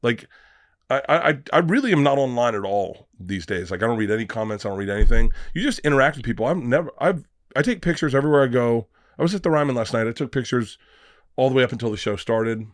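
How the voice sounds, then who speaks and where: Animated storytelling man on a podcast. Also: mid-range voice, no echo, studio quality. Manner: animated storyteller, acts out quoted voices, swears freely. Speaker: comedian guest. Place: podcast studio.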